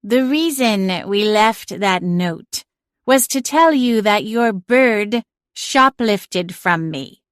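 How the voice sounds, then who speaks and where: A woman voicing a cranky, sharp-tongued female talking cat in an audiobook, with a slow, sardonic drawl. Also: mid-range voice, lively intonation, clear, resonant tone, no room sound. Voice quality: dry, drawling. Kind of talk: audiobook character voice.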